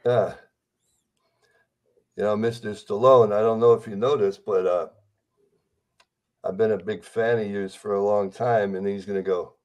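A man's voice: fairly low pitch, steady tone, unhurried, long pauses, darkish tone. A man in his sixties, a guest on a podcast interview, who talks in a rambling, enthusiastic way. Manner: rambling, enthusiastic, slips into impressions. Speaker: interview guest, celebrity impersonator.

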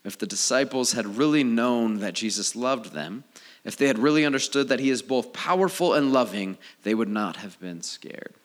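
A man preaching a sermon as pastor, swinging from quiet, low asides to loud, raised outbursts. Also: moderate pace. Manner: animated, swings from low and soft to loud and high.

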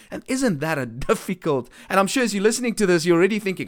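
A man's voice: sits high, very animated, fast, few pauses. A man, an earnest Christian speaker who repeats points for emphasis and often restarts his sentences. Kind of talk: earnest preaching talk.

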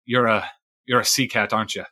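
A man voicing a grizzled old one-legged male fisherman who talks gruff and blunt. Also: fairly low pitch, fairly even intonation, fairly quick, bright, forceful tone, no echo.

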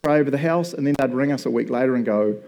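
A man in his fifties delivers a relaxed, storytelling sermon as a pastor, talking to the congregation like friends and breaking into laughs. His voice sits at an ordinary pitch with a soft, mellow tone. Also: racing, gravelly, slight background noise, low-quality recording. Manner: casual and chatty, laughs often, says "right?" and "bro".

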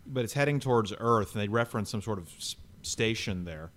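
A man's voice: lowish voice, animated, fairly quick, a bit bright. A man in a casual film chat, earnestly picking through plot details. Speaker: podcast co-host. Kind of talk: casual movie discussion.

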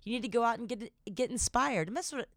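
A woman's voice: fairly high pitch, quick pace, dry recording, studio quality. Southern-accented woman podcast co-host. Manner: animated, laughs often, exaggerated Southern accent. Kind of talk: casual chat.

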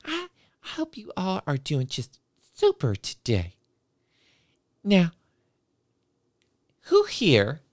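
A high, sugary music teacher coos and sings her words as though on stage, put on by a woman telling the story. Her voice swoops up to a bright, honeyed pitch. It sounds close and dry, with no room around it. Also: no room sound, exaggerated voice. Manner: syrupy, theatrical, performing into a microphone. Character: gushing sing-song female music teacher, middle-aged.

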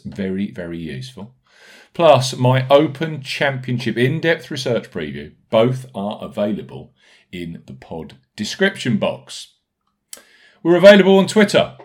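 A man hosting a casual podcast, brisk and jokey, reading out notes and listener reviews between banter. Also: mid-range voice. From United Kingdom. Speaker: podcast host.

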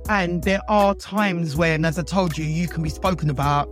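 A woman's voice: lowish voice, normal speed, soft background music. A woman with a London accent co-hosting a podcast in casual chat, full of exclamations like "boy". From England. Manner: exclamatory, calls people girl and boy. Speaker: podcast co-host.

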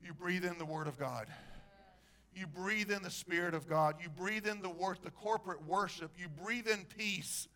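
A man preaching a sermon as a pastor, animated, asking the congregation questions. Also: high-pitched, normal speed.

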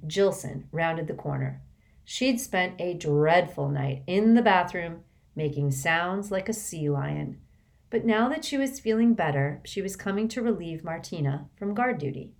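A woman narrating a children's audiobook with expressive, lively storytelling. Her voice sits on the low side for a woman. She reads with plenty of color and drive.

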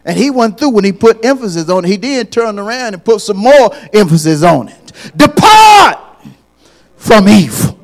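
A man preaching a sermon as pastor, repeating his points and building from quiet lines to loud, high, shouted peaks. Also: expressive, a little fast, few pauses.

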